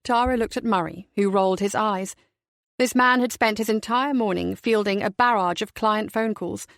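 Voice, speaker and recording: A woman narrating a detective novel in a measured, even storytelling voice, close and dry. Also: medium pitch, creaky, no room sound. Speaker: audiobook narrator. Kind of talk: scripted narration.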